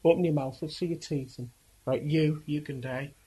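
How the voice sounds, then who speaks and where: A man's voice: fairly high pitch, fairly even intonation, moderate pace, mellow, breathy edge. A man barking as a scornful Nazi commander. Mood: cold. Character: cruel male Nazi camp commander, scornful.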